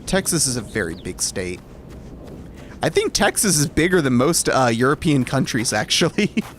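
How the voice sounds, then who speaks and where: A man's voice: mid-range voice, sing-song, normal speed, slight background noise. Chatty, rambling man from Alabama. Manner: rambling and self-correcting, light chuckles. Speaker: streamer. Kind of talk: casual chat with stream viewers.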